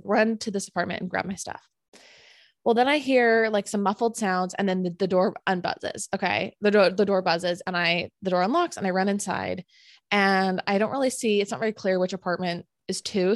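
A woman telling a personal story in casual chat, animated and full of "like" fillers. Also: medium pitch, dry recording, studio quality. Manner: animated, filler-heavy retelling with many "like"s.

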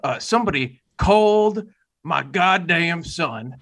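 Man voicing a hot-tempered Southern father, put-on Southern accent, stammering, bright, tabletop role-play. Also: fairly high pitch, lively intonation, slow, vocal fry, heavily acted. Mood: agitated. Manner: stammering, folksy old-West drawl.

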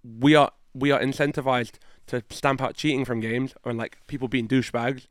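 A man co-hosting a podcast in casual chat, excitable and fond of swearing. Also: mid-range voice, dry recording, studio quality. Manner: animated, swearing, fast and excitable. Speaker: podcast co-host.

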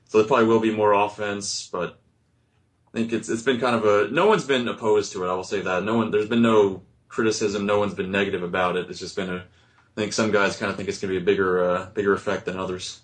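Low-voiced man, hesitant and halting. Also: steady tone. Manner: hesitant, many ums and kinda. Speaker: reporter on the panel. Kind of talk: casual podcast chat.

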